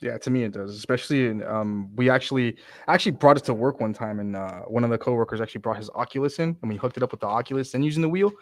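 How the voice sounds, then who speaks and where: A man chatting casually on a livestream about building PCs and racing, excitable and talkative. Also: medium pitch, racing, hardly any pauses, no echo. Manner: excitable, chatty, laughs often.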